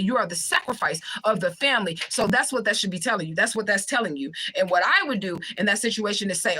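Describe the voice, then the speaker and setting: Blunt young woman on a livestream, talks super fast, bright sharp voice. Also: medium pitch, slightly rough, poor audio. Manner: talks fast, blunt and profane, reads out comments. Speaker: livestream host reading viewer comments. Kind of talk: fast casual livestream talk.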